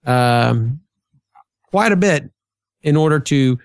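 A man talks in a relaxed, rambling way, leaning on fillers as he tells stories. His voice sits at an everyday middle pitch. The recording is dry, with no room sound. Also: takes it slowly, clear, resonant tone, no echo. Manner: chatty, storytelling, frequent fillers. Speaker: podcast guest. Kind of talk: casual chat.

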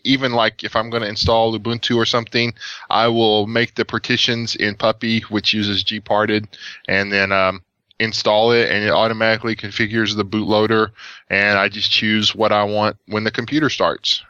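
A man's voice: on the low side, pushed and bright, clean tone, dry recording. A man on a tech podcast panel who explains things step by step in a matter-of-fact way. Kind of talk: casual tech chat. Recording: dull lo-fi audio.

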